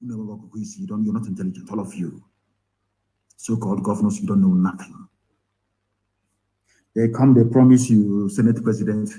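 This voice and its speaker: A man's voice: fairly low pitch, fairly even intonation, moderate pace, long pauses, mellow, poor audio. A man with a Nigerian accent giving an impassioned live broadcast, angry and scornful, firing rhetorical questions. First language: Igbo. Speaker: activist leader broadcasting.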